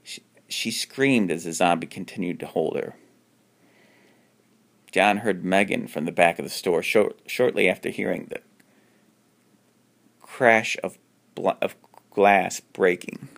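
A man reads a homemade spooky story in a deep, gravelly voice. He trips over words and restarts lines as he goes. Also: a little slow, pauses often, a bit bright. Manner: unpolished reading with frequent restarts; jumps up in pitch for characters' lines. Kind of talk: reading a homemade horror story aloud.

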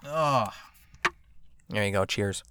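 A man's voice: lowish voice, slow, heavy background noise. A man hosting a podcast alone, rambling and joking with lots of fillers and tag questions. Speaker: podcast host. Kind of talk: casual podcast monologue.

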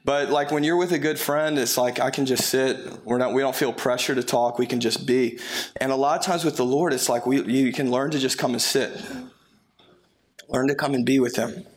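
A man preaching a sermon in a relaxed, conversational way, with friendly asides and filler words. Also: medium pitch, moderate pace. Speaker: pastor.

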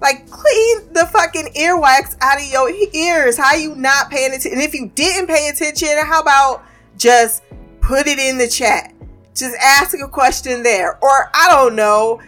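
A woman's voice: high voice, a little slow, soft background music. A woman venting in a casual monologue about her remote team, profane and laughing as she tells it. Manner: profane, laughing, animated storytelling.

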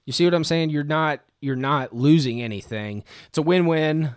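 A man's voice: on the high side, normal speed, clear, resonant tone, no room sound, studio quality. A man co-hosting a sports podcast, making emphatic points and repeating them in casual chat. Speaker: podcast co-host.

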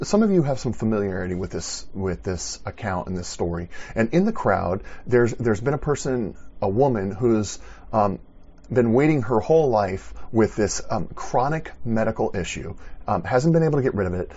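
A man preaching a sermon, retelling a story with animated, restarting delivery. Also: fairly low pitch, moderate pace, slightly rough, lo-fi sound. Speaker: pastor.

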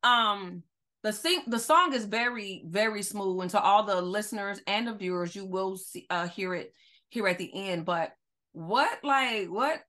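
A woman hosting a casual podcast interview, excited and chatty, often restarting her words. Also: mid-range voice, measured pace. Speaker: podcast host.

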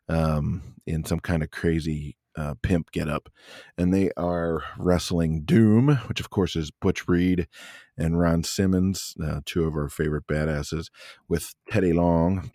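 A man's voice: deep voice, a little mellow, dry recording, clean studio sound. A man co-hosting a casual wrestling review podcast, rambling with lots of fillers and restarts. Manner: rambling, many fillers and restarts, laughs often. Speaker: podcast co-host.

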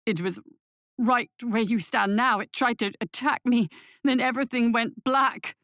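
A woman's voice: a little high, a bit bright, no echo, clean studio sound. A woman voicing a shaken young male thief who stammers and halts as he speaks, in a storybook reading. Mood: frightened. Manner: stammering, halting.

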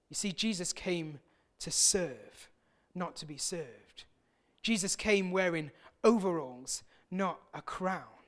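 A man, a pastor preaching a sermon in an earnest way, who slows and softens his voice for emphasis. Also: sits high. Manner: acts out quoted voices with sudden loud bursts.

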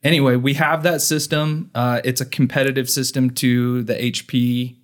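Man, podcast co-host, casual banter, medium pitch, lots of ums and uhs. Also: level tone, normal speed. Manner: joking, explains with many fillers. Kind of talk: casual chat.

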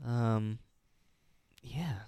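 A man co-hosting a casual podcast about a movie, relaxed, laughing often and trailing off with fillers. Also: mid-range voice, drawn-out words, clear, resonant tone, no room sound. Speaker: podcast co-host.

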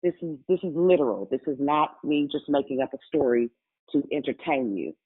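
A woman's voice: very deep voice, expressive, brisk, breathy edge. Woman preacher, testimony sermon, chatty and direct, tinny lo-fi audio. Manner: conversational, addresses congregation directly. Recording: tinny phone-like sound.

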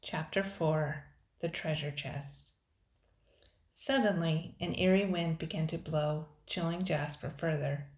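Low-voiced grandmother reading a storybook. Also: steady tone, slow pace. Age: older. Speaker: storybook reader. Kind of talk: children's audiobook narration. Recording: roomy echo.

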